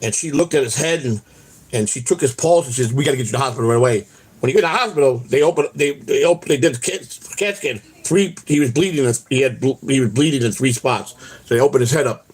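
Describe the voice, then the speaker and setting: A fast-talking man with a medium-pitched, husky voice and a darkish tone hosts his own vlog. Walking outdoors, he tells rambling stories laced with profanity, adding "man" to the end of his lines.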